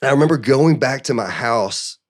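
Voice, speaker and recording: A man guest on a podcast, telling a personal story in an animated, earnest way, often acting out what others said, with emotional restarts. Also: medium pitch, moderate pace. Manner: animated storyteller who acts out other people's lines. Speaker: interview guest.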